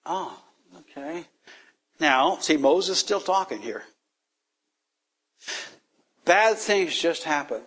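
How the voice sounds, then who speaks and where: Slow, husky man preaching emphatically. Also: a little high, lively intonation. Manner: emphatic, drawn-out delivery with sudden loud peaks. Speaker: Bible teacher. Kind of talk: sermon.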